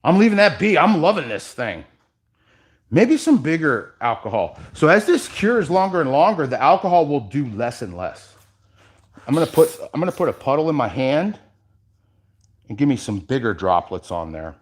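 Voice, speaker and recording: A man hosting a live workshop demo as an epoxy artist, talking casually and addressing viewers directly, sometimes dropping quiet while he works. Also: on the high side, very animated, normal speed.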